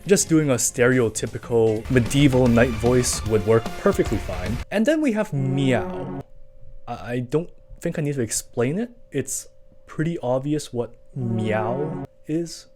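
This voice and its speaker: A man's voice: medium pitch, expressive, unhurried, a little mellow, soft background music. A man reading a scripted commentary in a casual, chatty way, full of asides. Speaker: video essayist.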